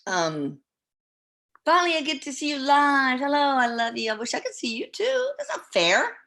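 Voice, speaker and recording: A woman hosting a live podcast who reads viewer questions aloud in a relaxed, chatty way and stumbles over names. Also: high voice, normal speed. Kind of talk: casual live-stream chat.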